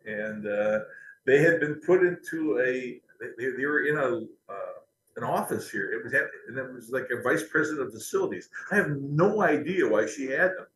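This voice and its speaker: A man's voice: mid-range voice, expressive, moderate pace, a bit bright. A man, a company historian, telling anecdotes in an interview, chatty and laughing now and then. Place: company building. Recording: roomy echo.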